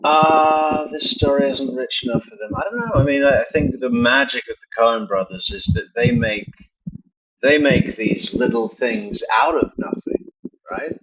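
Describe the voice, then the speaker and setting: A man's voice: mid-range voice, measured pace, gravelly, lo-fi sound, over a noisy crowd. A man giving casual, opinionated commentary on a true crime channel, musing aloud. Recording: steady background noise.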